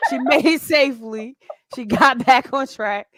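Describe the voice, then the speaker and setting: A woman hosts a casual interview in a playful, teasing way. Her voice sits fairly high, and the sound is dry and close. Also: unhurried, fairly bright tone, no room sound. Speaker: host.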